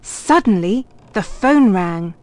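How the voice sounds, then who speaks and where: A woman reading a children's picture book aloud, clear and expressive. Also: medium pitch, slow pace. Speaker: storybook reader.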